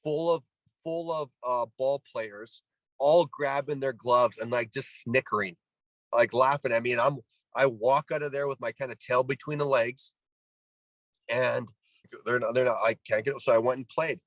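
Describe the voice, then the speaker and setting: Animated middle-aged Canadian man telling a story. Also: medium pitch, moderate pace, no echo, poor audio. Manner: animated, acts out quoted voices, many restarts. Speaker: guest, former pro baseball player. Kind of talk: storytelling in a casual interview.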